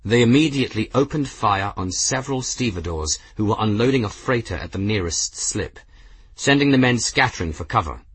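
A man reading fiction as an audiobook narrator, in a steady, measured scripted narration. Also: on the low side, slightly rough, no room sound.

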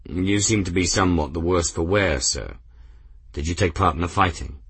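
A man voicing a composed adult male airship captain in an audiobook, formal, measured and dry. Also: deep voice, a bit bright, slightly rough, no echo, full character voice. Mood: steady. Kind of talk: audiobook character reading.

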